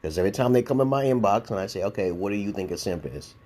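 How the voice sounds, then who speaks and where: A man's voice: fairly low pitch, animated, very fast, darkish tone. A man in his forties with a New York accent, ranting bluntly in a rambling response video, full of profanity and repeated "okay?". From Brooklyn, New York. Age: 40s. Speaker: YouTube commentator. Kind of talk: casual response-video rant.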